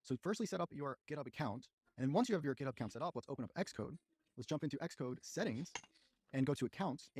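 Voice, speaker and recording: A man's voice: medium pitch, expressive, quick pace, darkish tone, a little hiss or hum. A man giving step-by-step instructions in a coding tutorial. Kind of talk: scripted tutorial narration.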